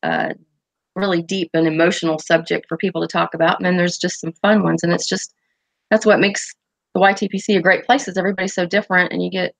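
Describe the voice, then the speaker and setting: A woman's voice: on the low side, fairly even intonation, fast talker, vocal fry, dry recording. Chatty woman host reading live chat. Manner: chatty and rambling, with frequent fillers and restarts. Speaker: host of a pipe-smoking chat stream. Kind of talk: casual livestream chat, reading viewer comments aloud.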